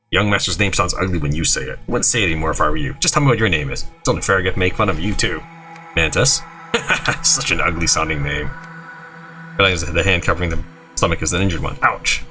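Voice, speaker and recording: A man playing a video game and reading its dialogue aloud, jumping between voices and asides. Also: low-pitched. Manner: animated, jumps between character voices and asides. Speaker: gaming YouTuber.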